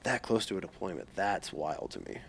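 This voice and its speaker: A man's voice: low voice, expressive, a little fast, slightly rough. A man hosting a podcast interview, telling rambling, profane stories with many restarts. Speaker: podcast host. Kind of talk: casual interview chat.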